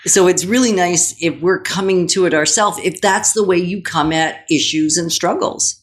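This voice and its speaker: A woman's voice: fairly low pitch, moderate pace. A woman co-hosting a casual conversation, speaking in an earnest, encouraging and reflective way. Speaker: podcast co-host.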